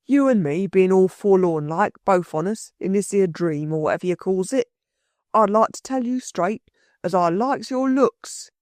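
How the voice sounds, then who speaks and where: A rough burglar, meek and muddled, his slangy working-class talk rambling on, as a woman reader puts him on. The storybook voice sits a little below the reader's own. It is heard dry and close. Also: mid-range voice, lively intonation, normal speed, darkish tone, dry recording, natural voice. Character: rough-spoken male London burglar, bewildered, meek.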